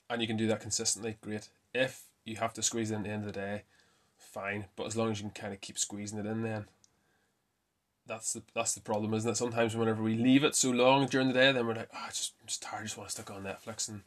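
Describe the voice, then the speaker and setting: A man hosting a casual fitness talk, chatty and quick to correct himself with a laugh. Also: on the low side. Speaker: fitness podcast host. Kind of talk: casual myth-busting talk.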